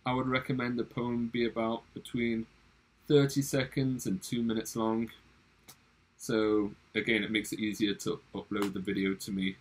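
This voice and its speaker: Husky male drama teacher. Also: on the low side, level tone, moderate pace, low-quality recording. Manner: friendly, instructive, with verbal restarts. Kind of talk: recorded online lesson.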